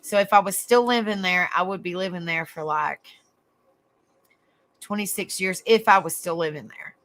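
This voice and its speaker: Young Southern woman, livestream host, sweet and chatty, clear bright tone. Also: on the low side, moderate pace. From South Carolina, raised in Tennessee. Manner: chatty, endearing terms like honey and darling, frequent restarts. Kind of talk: casual live chat with viewers.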